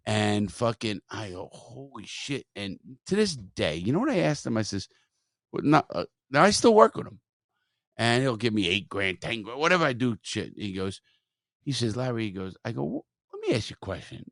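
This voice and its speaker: A man hosting a podcast, telling stories in a profane, animated way and quoting others as he goes. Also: fairly low pitch, normal speed, no echo, studio quality. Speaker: podcast host. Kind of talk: casual storytelling chat.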